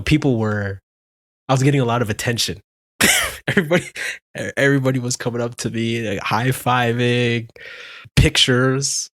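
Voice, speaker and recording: A man co-hosting a podcast, telling a story in animated casual chat, laughing often and restarting his sentences. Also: medium pitch, dry recording. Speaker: podcast co-host.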